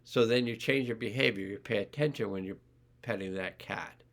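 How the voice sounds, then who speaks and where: A man's voice: lowish voice, normal speed, vocal fry, fairly bright tone. A man, a life coach, talking casually to camera about emotions, rambling with restarts and acting out inner voices. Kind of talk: casual self-help video talk.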